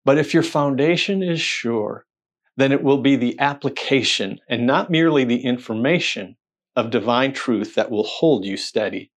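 A man preaching a sermon, telling the story in an animated way, asking rhetorical questions and quoting the voices in it. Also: medium pitch, moderate pace.

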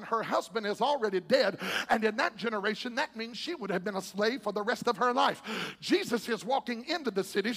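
A male preacher delivering an impassioned sermon, calling out to the congregation and swinging between shouting and hushed passages. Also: high-pitched, creaky, husky, big-room sound. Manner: calls out to the congregation.

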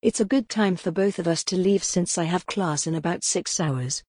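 A woman doing a calm, controlling young man. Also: high voice, moderate pace, husky, no echo, studio quality. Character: calm, smooth young man leading a cult.

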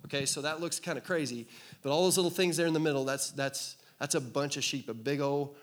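A male pastor delivers a sermon with a slightly higher than usual voice. He talks to his congregation in a loose, joking way and keeps drawing answers out of the room. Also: fairly quick. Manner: conversational, joking, asks the crowd to respond. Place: church hall with congregation.

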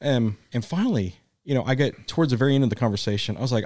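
A man's voice: medium pitch, lively intonation, very fast, hardly any pauses, a little mellow, dry recording, studio quality. A man co-hosting a podcast, telling a rambling story with frequent laughs and casual swearing. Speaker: podcast co-host. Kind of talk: casual chat.

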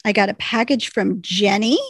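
A woman's voice: mid-range voice, normal speed, creaky, fairly bright tone, husky, dry recording. Chatty woman podcast co-host. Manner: chatty, reads letters with bursts of laughter. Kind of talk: casual chat, reading listener emails aloud.

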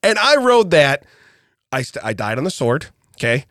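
Speaking at a moderate pace in a slightly high voice, this middle-aged co-host tells a family story on a podcast in casual conversation. The recording is dry and studio quality, and he laughs often while acting out people's quotes with animation.

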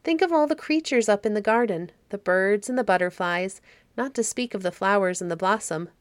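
A woman reading the part of a cheerful, kindly old caretaker woman in a fairy story, in a gentle, homely way. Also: medium pitch, brisk, no room sound, close to an everyday voice.

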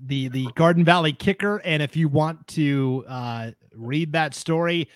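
A man's voice: on the high side, measured pace, no echo. A man hosting a casual sports podcast, upbeat and joking with his co-hosts. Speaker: podcast host.

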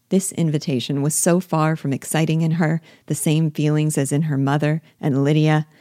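A woman narrating a classic novel aloud in a steady, measured reading style. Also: low-pitched, no room sound, clean studio sound. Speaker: audiobook reader and guide. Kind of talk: scripted narration.

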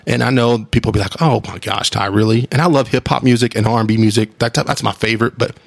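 A man's voice: medium pitch, fairly even intonation, quick pace, creaky, no echo. A man, hosting a casual solo monologue, rambling and enthusiastic with casual swearing. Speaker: podcast host.

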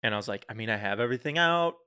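A man's voice: mid-range voice, expressive, rapid-fire, pushed and bright, clean tone. A young man co-hosting a podcast, chatting casually as a laid-back storyteller who swears now and then. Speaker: podcast co-host. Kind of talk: casual chat. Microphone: studio microphone.

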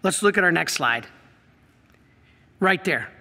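A man's voice: on the high side, lively intonation, a little slow, sharp tone, in a large hall. A middle-aged man preaching a sermon to a congregation, emphatic and asking them questions. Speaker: priest. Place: church.

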